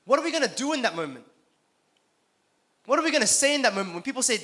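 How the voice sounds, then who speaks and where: Youth preacher, man, bright high voice, chatty sermon with lots of "right?". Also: quick pace, pauses often. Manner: conversational, frequent "right?" tags, animated. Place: conference hall.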